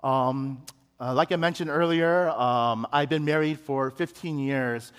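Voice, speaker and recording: A man's voice: mid-range voice, unhurried, clear, resonant tone, long reverb tail. A man preaching a sermon as pastor, telling a personal story and building to emphatic rising questions. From Chicago, United States.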